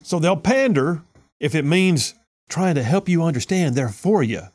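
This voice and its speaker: A man's voice: a little high, lively intonation, moderate pace, darkish tone, no echo. A man hosting a political talk radio show in an emphatic, folksy, sarcastic way. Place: radio studio.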